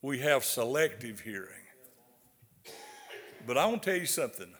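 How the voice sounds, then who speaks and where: Older Southern preacher in a reverberant hall. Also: male voice, mid-range voice, very animated, moderate pace, fairly bright tone, slightly rough. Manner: folksy, repeats words, asks the audience questions. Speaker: pastor. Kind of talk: sermon. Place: large hall.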